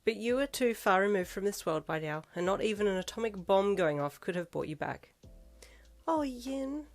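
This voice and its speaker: A woman reading fan fiction aloud in second-person narration, with steady, even storytelling. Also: mid-range voice, a little fast, soft background music. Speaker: reader.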